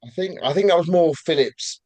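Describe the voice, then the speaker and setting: A man's voice: a little high, a little fast, a little mellow, no echo. Blunt, teasing man, dry sound. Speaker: podcast co-host. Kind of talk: casual football podcast chat.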